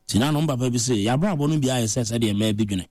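Man, Ghanaian accent, preacher, medium pitch, dry close sound. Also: quick pace, dry recording. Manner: animated, mixing languages, rising to high emphatic pitch. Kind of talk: conversational preaching.

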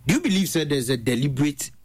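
A man's voice: on the high side, very animated, quick pace, husky. A man leading a casual discussion, mostly giving short replies and asking probing questions.

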